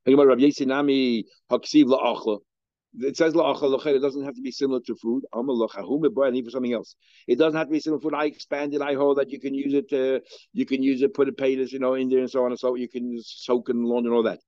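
A man's voice: medium pitch, flat delivery, fast talker, dark tone, no echo, lo-fi sound. A man with a Yeshivish English accent giving a daily Talmud lecture, thinking aloud with many fillers and restarts. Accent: Yeshivish English, Hebrew and Aramaic terms mixed in. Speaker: Talmud teacher.

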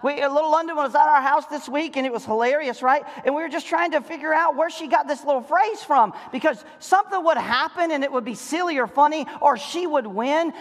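A middle-aged pastor preaching a sermon to married couples, firing rhetorical questions and acting out voices. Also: male voice, very high-pitched. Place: church sanctuary. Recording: reverberant church hall.

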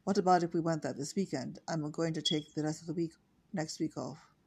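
Terse, brooding middle-aged father, dark flat delivery; older woman reader. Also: low-pitched, fairly quick, breathy edge.

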